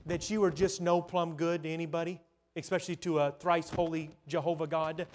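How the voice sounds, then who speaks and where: High-voiced man preaching a sermon. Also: little pitch movement, slight background noise. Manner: storytelling, swings from loud to hushed, dramatic pauses.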